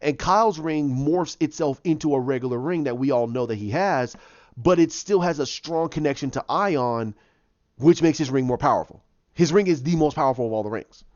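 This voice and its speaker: A man's voice: fairly high pitch, moderate pace, a little mellow, no room sound, dull audio. Rambling man retelling a movie plot. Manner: rambling, many restarts and repeated words. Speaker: fan pitching his own movie plot. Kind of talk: casual spoken retelling.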